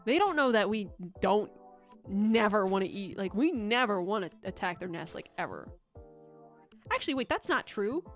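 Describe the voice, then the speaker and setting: A woman's voice: medium pitch, animated, normal speed, faint music behind. A young woman streaming from home, chatting casually with viewers in a rambling, giggly way, with bursts of squealing baby talk.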